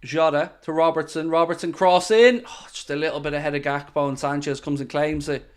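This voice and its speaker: Excitable male football watchalong streamer. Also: a little high, fairly quick, clean tone. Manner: excitable, bursts into loud groans at near misses, chatty asides to viewers. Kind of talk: live match commentary with chat.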